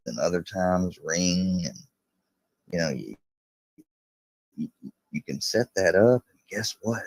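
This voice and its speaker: A man's voice: deep voice, a little mellow, no room sound, rough recording. A man casually chatting on a live stream in a rambling way. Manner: rambling, talks to his dog mid-stream.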